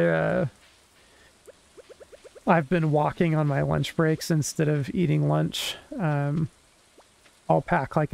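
Man, fairly high voice, gravelly, casual rambling game chat. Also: darkish tone, poor audio. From Oregon, USA. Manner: chatty, rambling with fillers. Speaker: co-host and gamer. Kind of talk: casual chat while playing.

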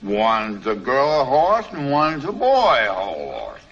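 A shrewd talking mule who delivers wisecracks in a slow, lazy drawl. The pitch rises and falls freely, the tone is bright, and the sound is dull and muffled like an old 1950s film soundtrack. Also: male voice, wildly swooping pitch, a little hiss or hum, heavily acted. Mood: dry. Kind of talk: 1950s film comedy acting.

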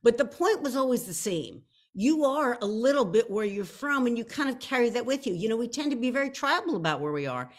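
Chatty woman, higher voice. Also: fairly quick. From Philadelphia. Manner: chatty, animated, playful and self-mocking, with whooping outbursts. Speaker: show host and novelist. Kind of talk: casual storytelling to camera, showing photos.

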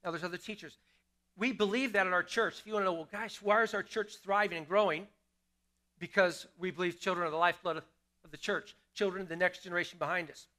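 High, bright-voiced pastor preaching. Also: male voice, steady tone, fast talker. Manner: conversational, asks the congregation questions and repeats key lines. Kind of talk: sermon. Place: church sanctuary.

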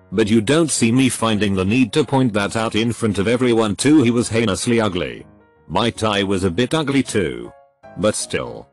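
Low-voiced man narrating reader stories. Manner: reads punctuation aloud, flat delivery. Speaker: narrator reading posts aloud.

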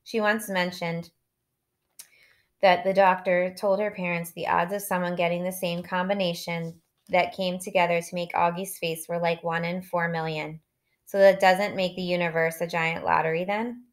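A woman narrating an audiobook in first person. Her voice is a little low for a woman, and she reads in a steady, reflective way. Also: moderate pace.

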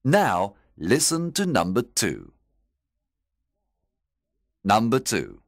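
A man narrating a story and reading quiz questions for English learners, measured and deliberate. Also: on the low side, wildly swooping pitch, no room sound, studio quality.

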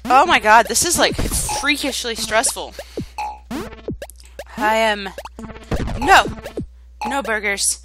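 A woman commenting on a video game as she plays, excitable, yelping and shouting and swearing playfully along the way. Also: fairly high pitch, takes it slowly, long pauses. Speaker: gaming video host. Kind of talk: let's-play commentary. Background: game music.

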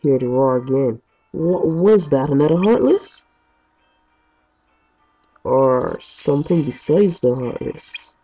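A man with a slightly high, mellow voice rambles chattily through gameplay commentary as a let's play host, dropping mild swears. He records in his home basement on a muffled, lo-fi track with game music playing underneath. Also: animated, takes it slowly, long pauses.

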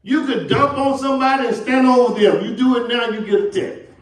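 Recorded from afar in a reverberant sanctuary, this Southern preacher from Texas speaks in an extremely high pitch and a little fast. He quizzes his congregation in call-and-response fashion and voices the characters in his sermon's story.

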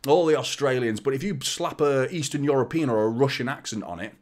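A man talks football in a casual preview, rambling and opinionated. He keeps restarting and repeating words, laughing now and then. His voice sits at an ordinary middle pitch for a man. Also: brisk. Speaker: football fan channel host.

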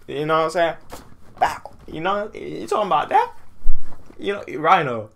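A young man hosting a music reaction video, chatting casually and excitedly, often repeating himself as he talks over what he hears. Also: moderate pace, vocal fry. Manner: chatty and excitable, repeats himself, drops deep for a mocking impression.

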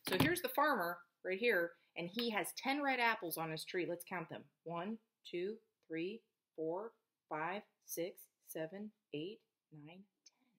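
A woman's voice: lowish voice, unhurried, a bit bright. A woman, a preschool teacher, reading a picture book aloud to children, counting along and asking them questions. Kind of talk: read-aloud storytelling for children.

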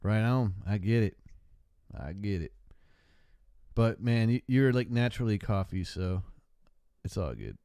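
A man's voice: fairly low pitch, lively intonation, unhurried, long pauses, warm tone, smooth, no echo, clean studio sound. A man hosting a casual call-in livestream, laid-back and swearing freely, often tossing in "man.". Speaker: call-in show host.

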